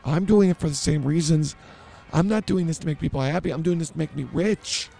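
A man's voice: on the high side, brisk, gravelly, mellow, faint music behind. A man hosting a comedy podcast who blurts things out and mocks himself in improvised banter. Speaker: podcast host.

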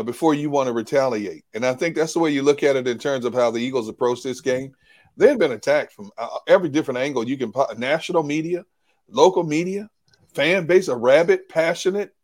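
A man talking as an analyst on a post-game show, animated, repeating words and acting out quotes from others. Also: on the high side. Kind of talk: casual sports talk.

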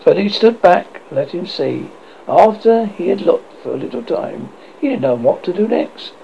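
Gravelly storybook narrator, lo-fi. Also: medium pitch, lively intonation, warm tone, a little hiss or hum. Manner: halting read with restarts. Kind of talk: storybook reading. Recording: dull lo-fi recording.

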